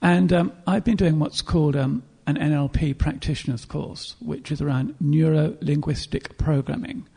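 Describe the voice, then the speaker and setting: Gravelly, husky man preaching. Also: a little high, lively intonation, normal speed, hardly any pauses, warm tone. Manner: earnest, reflective, with throat-clearing and restarts. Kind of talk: sermon.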